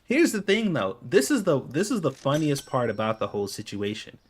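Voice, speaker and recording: A man's voice: medium pitch, wildly swooping pitch, brisk, breathy edge. A man telling casual, exasperated stories over gameplay, swearing freely and laughing often. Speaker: gaming video creator.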